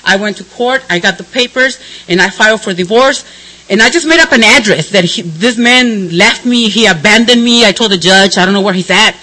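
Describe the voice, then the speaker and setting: A woman's voice: mid-range voice, brisk, pushed and bright, rough recording. A middle-aged woman giving a blunt, candid personal testimony at a recovery meeting. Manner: candid and blunt, swinging between somber and laughing. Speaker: speaker sharing her recovery story.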